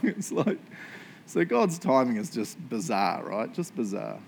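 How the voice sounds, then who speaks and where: A man's voice: mid-range voice, big pitch swings, unhurried, gravelly, darkish tone, slight background noise. A man preaching a casual sermon, joking often and asking "right?" after points. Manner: chatty, joking, tag questions. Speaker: pastor.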